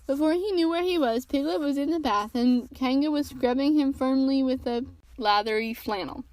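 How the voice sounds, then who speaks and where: A woman reading a children's storybook aloud in a gentle, expressive way for a podcast. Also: high voice, normal speed, dry recording, poor audio. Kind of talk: storybook read-aloud narration.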